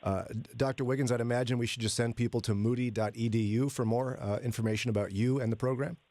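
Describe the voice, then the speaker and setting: A man's voice: mid-range voice, fairly even intonation, quick pace, dark tone. A man hosting a morning radio show in a studio, chatty and joking with his co-hosts. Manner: chatty, jokey, laughs often. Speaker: radio host.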